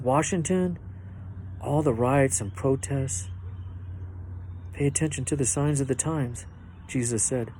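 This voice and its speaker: A man's voice: fairly high pitch, a little mellow, slight background noise. A man hosting his own faith vlog, preaching earnestly and directly to viewers and repeating himself for emphasis. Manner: fervent, earnest, speaks straight to viewers. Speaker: host of a religious video channel.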